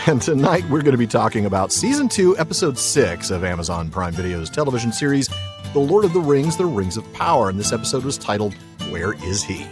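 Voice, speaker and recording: A man hosting a podcast, opening the show with a lively, playful delivery. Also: medium pitch, a little fast, music in the background. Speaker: podcast host. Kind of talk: casual podcast chat.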